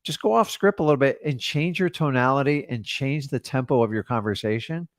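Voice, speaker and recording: Blunt, animated man coaching on cold calls. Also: medium pitch, dry recording, studio quality. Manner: animated, blunt, acts out phone calls in quick voices. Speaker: real estate investor coaching a caller. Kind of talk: casual coaching talk.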